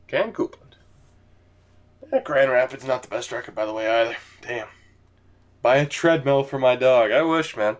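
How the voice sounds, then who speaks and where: A man's voice: medium pitch, normal speed, long pauses. Sleepy, rambling gaming commentator man. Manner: rambling, swears casually. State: sleepy, yawning. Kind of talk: casual let's-play commentary. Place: home gaming setup, in a chair.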